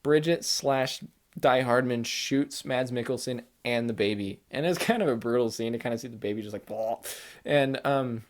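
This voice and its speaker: A man hosting a gaming channel, rambling excitedly through a casual spoiler chat with lots of "like" and "kinda". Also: medium pitch, moderate pace. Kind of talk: casual spoiler chat about a video game.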